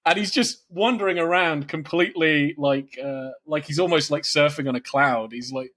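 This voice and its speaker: A man's voice: a little high, moderate pace, fairly bright tone. A man co-hosting a film podcast, rambling casually with lots of fillers and frequent laughs. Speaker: podcast co-host.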